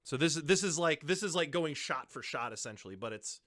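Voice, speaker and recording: A man's voice: fairly high pitch, expressive, brisk, a bit bright, no room sound, clean studio sound. A man narrating a tabletop game as game master. He laughs often and stumbles through many fillers.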